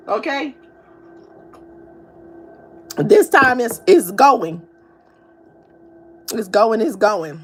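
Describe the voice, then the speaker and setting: A woman hosting a casual live stream, chatting with viewers and reading their comments aloud in a slangy, animated way. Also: a little high, slow, pauses often, a little hiss or hum. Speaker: livestream host.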